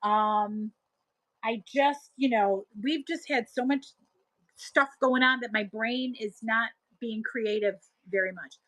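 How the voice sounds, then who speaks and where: A woman's voice: on the high side, takes it slowly, fairly bright tone, dry recording, rough recording. A middle-aged woman with a Buffalo, New York accent, hosting a casual live stream and chatting through viewer comments. She rambles, trails off and restarts her sentences. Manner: chatty, reads viewer comments aloud and answers them. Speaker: livestream seller host.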